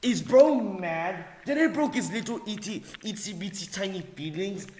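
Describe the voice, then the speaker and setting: A man's voice: high-pitched, animated, normal speed, darkish tone, a little hiss or hum. A man giving an angry, sarcastic vlog rant, swearing and repeating phrases for emphasis. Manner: heated, sarcastic, profane. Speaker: vlogger. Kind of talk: angry ranting monologue.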